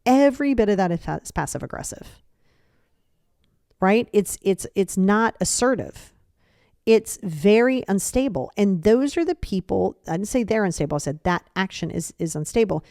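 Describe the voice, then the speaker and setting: A woman hosting a podcast, giving casual advice and acting out example dialogues in quick quoted voices, repeating phrases for emphasis. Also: medium pitch, lively intonation, gravelly, mellow, no room sound, clean studio sound. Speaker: podcast host.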